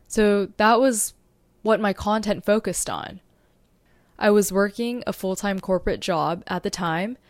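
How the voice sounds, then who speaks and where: A woman's voice: mid-range voice, no room sound, studio quality. A young adult woman hosting a solo podcast as a social media strategist, talking in an upbeat, informative way and now and then tripping over her words.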